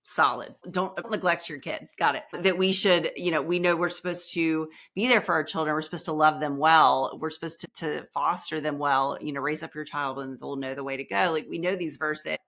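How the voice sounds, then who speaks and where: A woman therapist speaking as a podcast guest, expressive and emphatic, acting out what people said to her. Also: low-pitched, a little fast, hardly any pauses. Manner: expressive, acts out quotes, emphatic. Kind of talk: casual interview chat.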